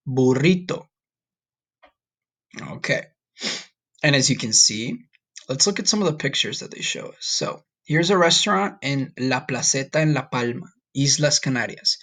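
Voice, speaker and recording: A man's voice: medium pitch, gravelly, fairly bright tone. Casual man teaching a recorded lesson. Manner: casual, frequent "okay?" and "all right?" check-ins; slow, drawn-out modeling of Spanish words. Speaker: Spanish teacher.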